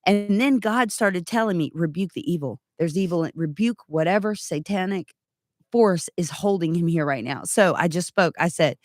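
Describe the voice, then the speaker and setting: A woman in her thirties giving an earnest, animated personal testimony, full of asides. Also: lowish voice, normal speed, dry recording, studio quality.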